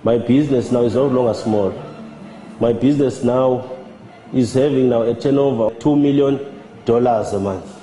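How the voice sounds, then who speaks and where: A man giving a measured, halting personal testimony as a church member. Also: mid-range voice, dark tone, a little hiss or hum. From South Africa. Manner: measured, halting, with repeated words. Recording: roomy with long reverb and faint music.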